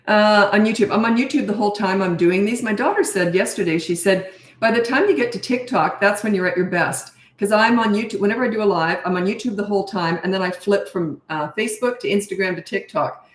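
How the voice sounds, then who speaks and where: A woman's voice: mid-range voice, a little fast, few pauses, reverberant. A woman in her sixties, a parenting coach answering viewer questions in a frank, conversational live-stream Q&A. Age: 60s.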